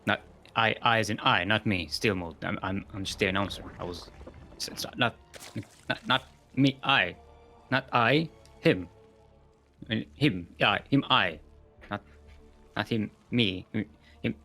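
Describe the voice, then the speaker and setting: A man hosting and casting an esports tournament in a playful, rambling way, with booming ring-announcer introductions. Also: a little slow, long pauses, pushed and bright, soft background music. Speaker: tournament host and caster.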